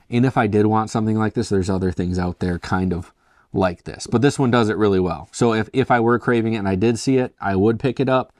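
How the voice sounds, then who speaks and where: Young male host from Michigan, low voice, dry close sound, rambling and self-deprecating casual beer review. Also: a little mellow, no echo. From Michigan, USA.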